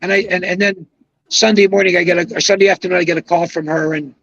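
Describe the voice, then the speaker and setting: A man's voice: sits high, fairly even intonation, fast, creaky, fairly bright tone, no room sound, muffled recording. A man in his seventies, a retired bowling pro, telling long rambling stories with emphatic asides in casual podcast conversation. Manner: rambling, emphatic anecdotal storyteller. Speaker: guest, retired pro bowler.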